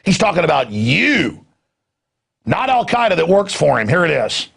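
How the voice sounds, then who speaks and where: A male talk show host delivering an angry, rapid, mocking rant with shouted bursts. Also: a little high, very animated, creaky, breathy edge. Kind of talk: ranting commentary.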